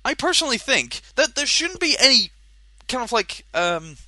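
Ranting Scottish man, lively, bright voice. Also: very high voice, moderate pace, dry recording. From Scotland. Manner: exasperated ranting with frequent swearing; restless, stumbling, self-interrupting delivery. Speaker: podcast co-host and game shop worker. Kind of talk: casual podcast rant.

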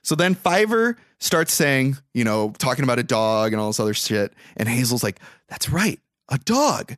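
A man's voice: mid-range voice, moderate pace, fairly bright tone, no echo, clean studio sound. Profane man animatedly recapping a film. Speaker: podcast host. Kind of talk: casual movie recap.

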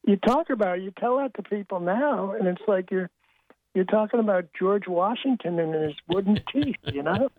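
An older man, a sportswriter guest, telling wry anecdotes in a halting way with many restarts. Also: high-pitched, expressive, slight background noise. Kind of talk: storytelling interview. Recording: tinny dry phone line.

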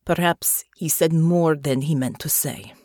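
A woman's voice: deep voice, unhurried, no echo, clean studio sound. Woman voicing an earnest young woman soldier. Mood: quiet. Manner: soft, sincere, formal phrasing. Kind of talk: audiobook character voice.

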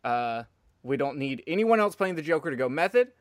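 A man's voice: a little high, sing-song, fairly quick, no echo, studio quality. A man hosting a podcast interview in a casual way, swearing freely. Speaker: podcast host.

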